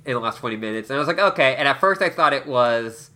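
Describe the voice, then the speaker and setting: A man's voice: mid-range voice, lively intonation, fast, sharp tone. A man co-hosting a podcast, chatting and laughing as he tells a casual anecdote. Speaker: podcast co-host. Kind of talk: casual chat.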